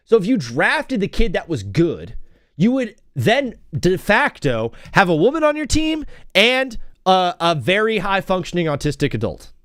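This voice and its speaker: A man's voice: high-pitched, wildly swooping pitch, moderate pace, a bit bright, dry recording, clean studio sound. A young man hosting a live stream from home, rambling through stories and chanting old cheers. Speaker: host. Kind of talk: casual live-stream chat.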